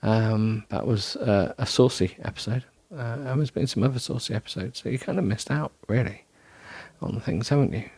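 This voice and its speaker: A man's voice: mid-range voice, moderate pace, vocal fry, darkish tone, breathy edge, no echo. A man hosting a solo podcast, rambling in a self-deprecating way with many ums and restarts, sounding tired. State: tired, yawning. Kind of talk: rambling casual monologue.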